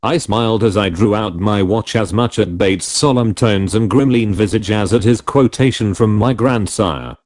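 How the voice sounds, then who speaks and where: A man reading a novel aloud in first person, measured and expressive. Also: on the low side. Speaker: audiobook narrator. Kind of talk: scripted first-person narration.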